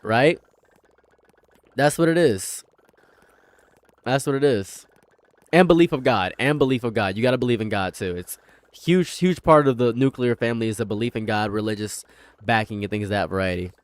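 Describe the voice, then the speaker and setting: A man's voice: on the low side, fast, dry recording. A man streaming a commentary rant, blunt and sarcastic, swearing freely and repeating his points over and over.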